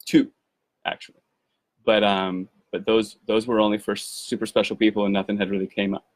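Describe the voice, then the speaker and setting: A man's voice: on the low side, flat delivery, fairly quick, no room sound. A man telling a rambling, enthusiastic personal story to his viewers, with many restarts. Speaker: activist video maker. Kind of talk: casual storytelling to camera.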